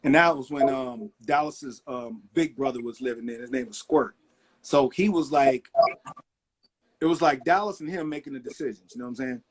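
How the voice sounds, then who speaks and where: A man's voice: mid-range voice, moderate pace, breathy edge. A middle-aged man, a record producer, telling stories in a casual interview and acting out the people he quotes. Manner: animated storyteller acting out quotes.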